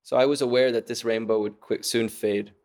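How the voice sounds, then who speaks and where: A man's voice: mid-range voice, steady tone, brisk, a little mellow. A man raised in Venezuela, a musician guest in a casual interview, talking in a rambling, reflective way that breaks off mid-thought. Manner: rambling, reflective, self-interrupting, acts out voices with laughs.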